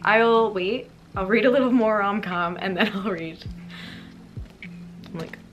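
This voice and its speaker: A young woman talks through her book picks in a loose, rambling vlog style, tripping over fillers and getting emotional easily. Her voice sits at an ordinary middle pitch for a woman. Clear background music plays underneath her the whole time. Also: normal speed. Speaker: book YouTuber. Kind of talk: casual chatty vlog.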